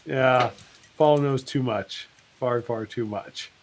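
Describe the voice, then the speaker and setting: A man co-hosting a live stream, chatting casually and rambling through jokes and food talk. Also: medium pitch. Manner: rambling, jokey, drawn-out. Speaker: co-host.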